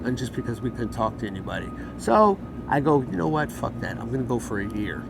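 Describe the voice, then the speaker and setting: A man with a gravelly, medium-pitched voice speaks quickly in a sing-song manner during a casual outdoor interview in the city. Heated and cursing, he recounts his story and mimics what people told him, while street noise carries through the recording.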